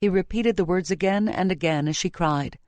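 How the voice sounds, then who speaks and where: A woman reading a romance audiobook in a measured, emotive way, close to the microphone. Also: on the low side, a little mellow, dry recording. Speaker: audiobook narrator. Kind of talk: scripted romance narration. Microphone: close studio mic.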